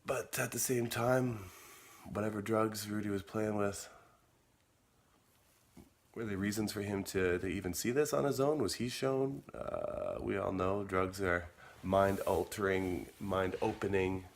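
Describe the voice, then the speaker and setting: A man's voice: fairly low pitch, steady tone, measured pace. A middle-aged man telling his own story casually in a rambling way, repeating words and quoting his old messages. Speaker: vlogger.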